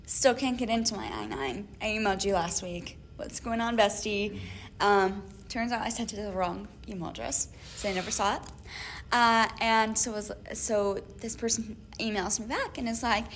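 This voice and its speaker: A young woman co-hosting a casual chat podcast, telling an animated story with lots of laughs and acted-out emails. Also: medium pitch, normal speed, a little hiss or hum. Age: young adult. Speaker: podcast co-host.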